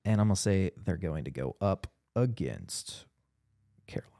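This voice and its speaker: A man co-hosting a casual sports podcast, playful and quick to tease his partner. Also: sits low, very animated, gravelly, mellow. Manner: playful, teasing, jumps in with short quips. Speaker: podcast co-host.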